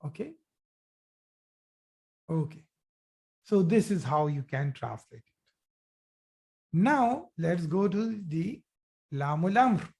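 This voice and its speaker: Slow, patient male Arabic teacher. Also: a little high, very animated, darkish tone. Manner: slow, patient, praising students often. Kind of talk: live online lesson.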